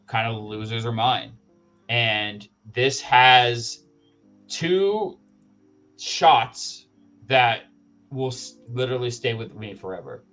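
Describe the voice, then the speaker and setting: A man's voice: medium pitch, a bit bright. A man co-hosting a live show, giving a casual, enthusiastic movie review full of fillers and restarts. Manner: rambling, many fillers and restarts. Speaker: podcast co-host reviewing movies.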